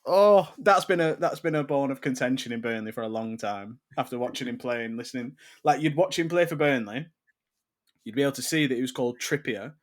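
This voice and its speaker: With a brisk, mid-range voice, this young podcast co-host trades casual banter about football. He gets animated, swearing and ranting loudly whenever he's riled up.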